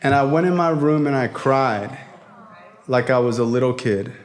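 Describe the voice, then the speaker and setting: A young man addresses a convention crowd about his recovery, his mid-range voice at a moderate pace. His storytelling speech is lively and full of swearing, with him acting out the voices he quotes.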